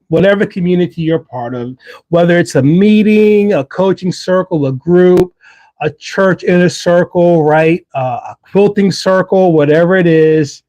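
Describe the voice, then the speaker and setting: A middle-aged man speaking in a fairly high voice, hosting a livestream. He delivers an earnest, faith-based motivational talk and leans hard on repeated phrases for emphasis. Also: a little mellow. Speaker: livestream host.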